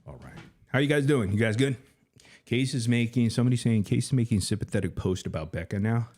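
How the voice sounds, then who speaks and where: A man hosting a livestream in a casual, mocking style, sarcastic and quick to laugh, and out of breath. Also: mid-range voice, a little mellow. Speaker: livestream commentary host.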